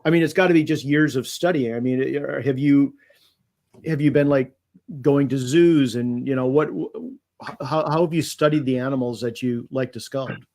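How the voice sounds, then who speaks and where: A man co-hosting a casual interview, asking friendly questions at a quick pace. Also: medium pitch, a little mellow. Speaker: co-host.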